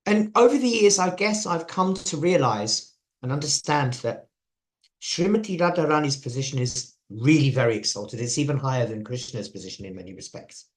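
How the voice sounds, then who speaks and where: Lively English-accented man preaching. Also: mid-range voice, moderate pace. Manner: chatty, asks audience questions. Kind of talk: devotional talk to an audience.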